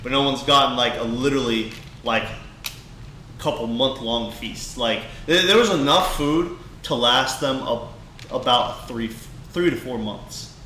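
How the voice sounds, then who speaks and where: A young man co-hosts a podcast, telling a heartfelt story in rambling casual chat that keeps restarting. His mid-range voice moves at a measured pace and sounds pushed and bright. The room is echoey, with faint hiss in the background.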